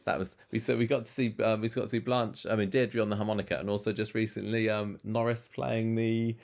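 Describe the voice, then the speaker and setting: This man speaks in a very low-pitched voice during a relaxed podcast conversation. His talk is chatty and easygoing, and he leaps upward when enthused. He sounds like someone reminiscing with a friend. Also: fairly quick, vocal fry. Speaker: podcast co-host. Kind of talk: casual chat.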